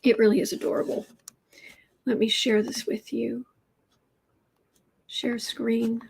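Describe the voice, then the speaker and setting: A woman's voice: fairly high pitch, little pitch movement, slow pace, creaky, a little mellow, slightly rough. A woman hosting a tarot livestream, chatting casually and rambling with frequent restarts. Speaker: tarot reader host.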